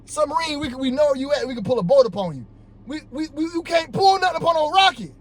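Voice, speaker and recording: A man ranting to his viewers in a loose, rambling way, frustrated and breaking into shouts, recorded in a car on a work break. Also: very high voice, fast, low-quality recording. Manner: frustrated, animated, bursts into shouting; loose, rambling, talks straight to his audience. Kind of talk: heated opinion rant to camera.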